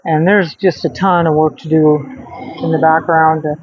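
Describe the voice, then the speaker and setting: A woman's voice: low-pitched, steady tone, unhurried. A woman hosting a casual vlog outdoors at night, chatting in a rambling way with many fillers and restarts. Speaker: host. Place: outdoors at night under a street light. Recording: dull lo-fi sound with faint noise.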